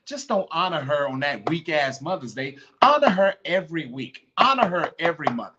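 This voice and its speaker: A man hosting a podcast, urging listeners to honor their mothers and telling the story of losing his own, by turns fervent and hushed with grief. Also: on the high side, lively intonation, normal speed, few pauses, lo-fi sound, noisy background. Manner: impassioned, pleading, then hushed and grieving. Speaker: podcast host. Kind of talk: emotional personal storytelling.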